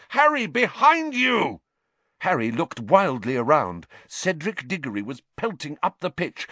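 A man narrating a story aloud with dramatic, expressive delivery. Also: medium pitch, dry recording. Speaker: audiobook narrator. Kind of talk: scripted narration.

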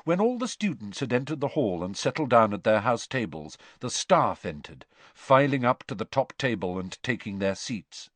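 Expressive male audiobook narrator. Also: medium pitch, no room sound. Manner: expressive, measured storytelling. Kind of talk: scripted narration.

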